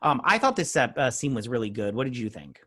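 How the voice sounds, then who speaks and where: Host, thirties, male, mid-pitched. Chatty, loose episode recap, puts on the characters' quotes. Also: very animated, fast talker, a bit bright. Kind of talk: casual episode review chat.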